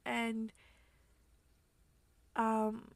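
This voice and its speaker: A young woman vlogger rambling through an emotional personal monologue, soft and tearful, with many fillers. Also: fairly high pitch, completely flat delivery, very slow, vocal fry, dry recording.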